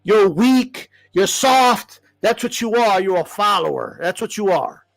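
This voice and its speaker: A man's voice: sits high, animated, measured pace, gravelly, no echo. A man hosting a boxing channel, ranting to the camera with heavy swearing and lots of repetition. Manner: profane, heated, repeats himself.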